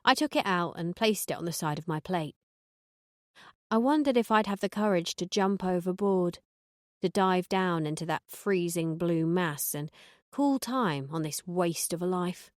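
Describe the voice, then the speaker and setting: A woman reading a first-person audiobook in a dry, sardonic, deadpan way. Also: on the low side, unhurried, dry recording. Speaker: audiobook narrator.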